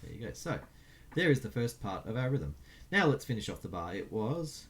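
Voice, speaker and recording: A man's voice: mid-range voice, big pitch swings, normal speed, hardly any pauses. A man teaching a recorded music lesson, counting beats aloud and chanting rhythm syllables while writing notes.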